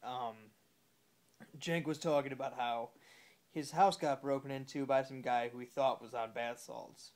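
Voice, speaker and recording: A man's voice: medium pitch, fairly even intonation, darkish tone. Tipsy young man rambling on a phone. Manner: rambling, halting, with many fillers and curses. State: tipsy after a few beers. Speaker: vlogger. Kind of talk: casual storytelling.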